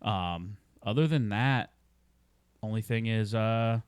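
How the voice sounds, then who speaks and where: A man's voice: fairly low pitch, takes it slowly, clean tone, dry recording. A young man co-hosting a podcast in laid-back casual chat. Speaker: podcast co-host.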